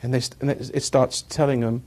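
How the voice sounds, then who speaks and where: A man's voice: medium pitch, flat delivery, brisk, dark tone. A man giving a rambling talk to a live audience, chuckling at his own jokes as he tells stories. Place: evening gathering with an audience.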